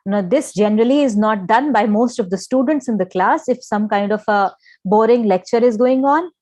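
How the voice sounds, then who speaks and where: A woman's voice: on the high side, moderate pace, a little mellow, no room sound. A woman gives a lecture in an explanatory way, mixing in Hindi phrases and often checking with "okay?". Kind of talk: lecture on listening skills.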